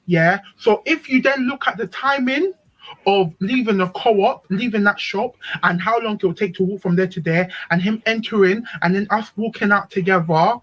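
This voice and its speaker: A woman telling a personal story on a live stream, animated and emphatic, often repeating herself. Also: medium pitch, moderate pace, lo-fi sound. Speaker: panel speaker.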